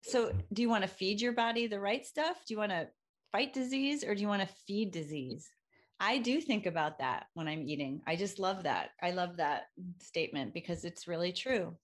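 A woman's voice: medium pitch, expressive, moderate pace. A woman co-hosting a podcast, talking in an enthusiastic, emphatic way and in a casual chat style. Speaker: podcast co-host; certified in plant-based nutrition.

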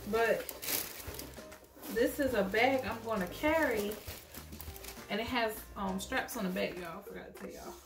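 Chatty, excitable young woman vlogging in an echoey room. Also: a little high, unhurried, long pauses. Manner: chatty and excitable, often addresses viewers as y'all. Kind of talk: casual unboxing vlog. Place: at home, in pajamas. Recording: echoey room with loud music behind.

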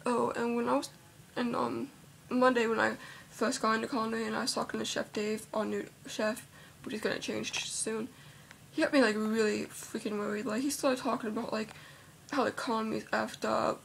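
A woman's voice: on the high side, creaky, a little hiss or hum. A seventeen-year-old girl chatting casually in a vlog, rambling and filling her speech with "like", sounding worried and unsure. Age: teens. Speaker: vlogger.

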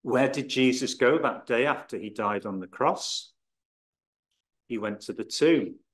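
Man, Bible teacher, unhurried delivery, explanatory, leans on key words. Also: medium pitch, lively intonation. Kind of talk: scripture teaching talk.

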